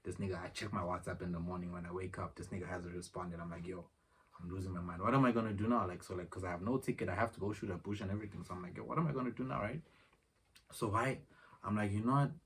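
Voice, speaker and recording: A man's voice: sits low, steady tone, fast talker. A young man telling a rambling, slangy story in a casual vlog, acting out the back-and-forth of conversations, filmed at home on his phone. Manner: rambling, slangy, retells exchanges in dialogue. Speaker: vlogger. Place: room at home. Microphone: phone camera. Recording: distant phone mic, faint noise.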